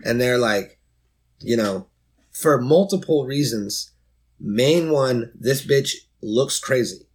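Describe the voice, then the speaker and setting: A man's voice: medium pitch, animated, slow, slightly rough. A man co-hosting a casual podcast, retelling a video in crude, joking terms. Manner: crude, storytelling, does mocking voices. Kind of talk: casual reaction chat.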